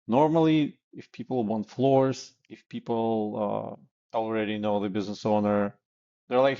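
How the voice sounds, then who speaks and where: A man's voice: mid-range voice, normal speed, gravelly, mellow, dull audio. A man coaching on sales calls in a blunt, casual way, with many fillers and acted example lines. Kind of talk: casual instructional talk.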